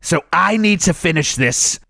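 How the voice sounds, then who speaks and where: A man's voice: fairly high pitch, expressive, moderate pace, creaky, bright, forceful tone, dry recording, studio quality. A man co-hosting a comedic morning radio show with wry, grumbling banter. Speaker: radio co-host.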